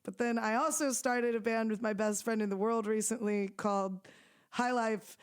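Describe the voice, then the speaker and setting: A woman's voice: on the high side, fairly even intonation, moderate pace, clear, resonant tone. A young woman musician chatting in an interview, rambling with lots of "like" fillers and frequent laughs. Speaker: musician guest. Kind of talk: casual interview chat.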